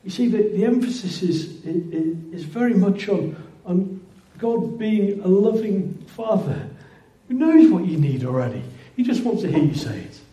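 High-voiced conversational male preacher. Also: big pitch swings, measured pace, few pauses, dark tone. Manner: conversational, repeats words and restarts. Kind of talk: sermon. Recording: roomy echoing hall.

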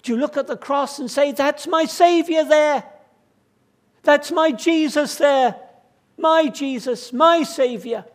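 High-voiced preacher, hushed to fervent. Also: male voice, slow. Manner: swings from hushed to fervent, emphatic repetition. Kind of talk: sermon.

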